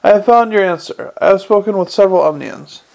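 A blunt, no-nonsense young woman who gets straight to business, as a man puts her on. The voice is pushed up in pitch and keeps a gravelly grain. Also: expressive, quick pace, a little mellow, low-quality recording. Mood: brisk.

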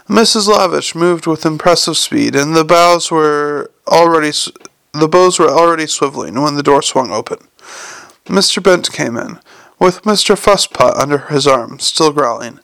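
A man narrating an audiobook in a measured, wry storytelling manner. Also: fairly high pitch, gravelly, a bit bright, dry recording. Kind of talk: scripted narration.

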